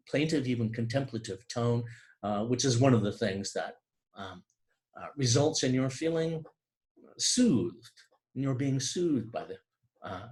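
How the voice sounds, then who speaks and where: A man lectures on poetry with a lively, swooping delivery, his pitch rising and falling a lot as he explains. He hesitates with fillers and restarts, then slows down deliberately to lean on key terms. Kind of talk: online literature lecture.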